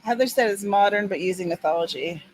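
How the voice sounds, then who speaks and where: A woman's voice: mid-range voice, quick pace, darkish tone, slight background noise, rough recording. A woman hosting a writing-sprint livestream in casual chat, upbeat and cheering viewers on by name.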